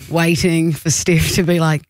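A young woman, co-hosting a radio show in a studio, chatty and quick to laugh. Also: low-pitched, level tone, no echo. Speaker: radio co-host. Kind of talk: casual on-air banter.

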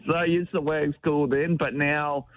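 A man's voice: a little high, no echo. A man from New Zealand calling in to a radio show, telling stories in a casual, easygoing way. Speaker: caller. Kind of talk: phone-in chat. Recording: tinny phone line.

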